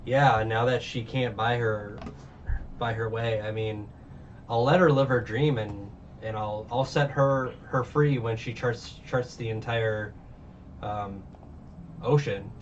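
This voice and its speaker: Male reviewer playing a smug bullying pirate boss, raised louder taunting voice, muffled distant mic. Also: medium pitch, fairly even intonation, slow pace, lightly acted. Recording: dull distant mic, faint hiss.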